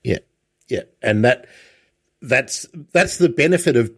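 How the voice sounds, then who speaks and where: A man's voice: medium pitch, lively intonation, a little slow, fairly bright tone, breathy edge. An older man hosting a podcast, asking questions in a friendly, conversational way. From Australia. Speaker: podcast host. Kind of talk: casual interview talk.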